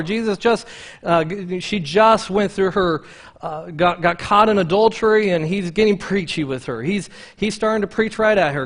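High-voiced man preaching a fervent sermon. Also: moderate pace. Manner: earnest, repetitive exhortations, rising to fervent urging.

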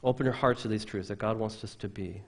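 A man's voice: on the low side, fairly even intonation, quick pace. Man preaching a sermon in church. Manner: emphatic preaching, swinging between loud stresses and quiet asides. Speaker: pastor. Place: church building, from a pulpit.

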